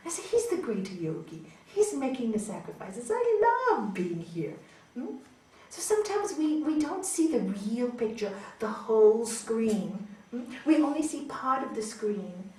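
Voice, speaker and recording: A woman yoga teacher giving a spiritual talk and answering audience questions, coaching gently and often asking "hmm?". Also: fairly high pitch, big pitch swings, measured pace. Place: large hall. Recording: echoey hall from far off, faint noise.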